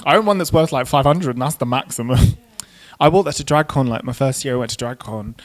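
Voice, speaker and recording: A camp man chatting in an interview, swearing freely and full of ums and likes. His pitch sits at an ordinary middle level. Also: fast talker. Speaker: drag queen guest. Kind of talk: casual interview chat.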